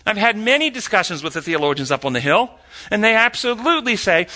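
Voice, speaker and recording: A man's voice: high voice, very animated, quick pace, sharp tone. A man teaching a sermon-style Bible lesson, reading quotes aloud and questioning his listeners, rising sharply when he argues.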